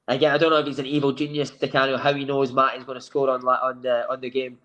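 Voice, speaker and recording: A man with a Scottish accent, a guest telling lively anecdotes and acting out the dialogue in a sofa chat. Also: mid-range voice, quick pace, hardly any pauses, lo-fi sound. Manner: lively storyteller who acts out quoted dialogue. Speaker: former footballer guest.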